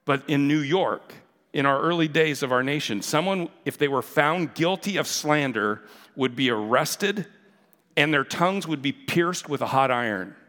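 A man's voice: fairly high pitch, expressive, moderate pace, a bit bright. A man preaching a verse-by-verse sermon as a pastor, in an earnest, conversational manner full of fillers and asides. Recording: long reverb of a large hall.

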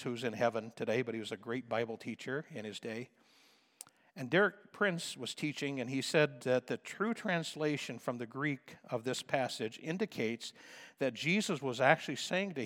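A man preaching a sermon as a pastor, swinging from soft asides to loud emphatic calls. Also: mid-range voice, lively intonation, normal speed, big-room sound.

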